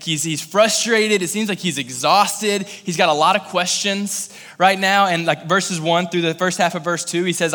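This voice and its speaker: A man's voice: fairly high pitch, sharp tone, big-room sound. A man from Kentucky preaching a sermon in a casual, conversational way, growing intense and pleading in prayerful passages. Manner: conversational, filler-heavy storytelling. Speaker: pastor.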